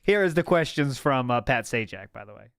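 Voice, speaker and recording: A man's voice: medium pitch, expressive, a little fast, fairly bright tone, smooth, no echo, clean studio sound. A man hosting a casual livestream watch party, reading chat aloud, swearing freely and laughing often. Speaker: podcast host. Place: home studio.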